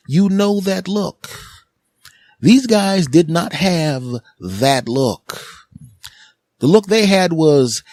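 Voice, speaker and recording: A man's voice: high voice, lively intonation, extremely slow, pauses often, darkish tone, dry recording, clean studio sound. A middle-aged man from Philadelphia hosting a podcast, telling a casual comedic story and mocking the people he quotes in put-on voices. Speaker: podcast host.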